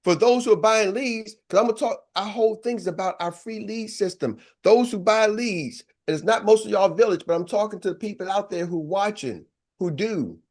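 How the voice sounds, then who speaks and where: An older man coaching a live seminar, talking in a punchy, energetic way and throwing rhetorical questions to the audience. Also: high voice, moderate pace. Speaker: business coach.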